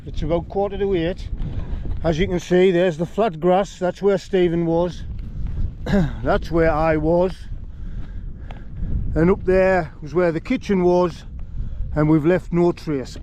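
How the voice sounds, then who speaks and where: Older man, slightly high voice, rambling casual vlog talk, self-deprecating, wind noise on an outdoor hillside. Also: fairly even intonation, slow pace, long pauses, warm tone, highs cut off. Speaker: wild camping vlogger. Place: windy hillside campsite outdoors.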